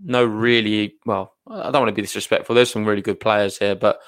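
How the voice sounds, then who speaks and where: A man's voice: on the low side, steady tone, a little fast, fairly bright tone. A man co-hosting a podcast, talking earnestly in casual chat, hedging and repeating himself. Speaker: podcast co-host.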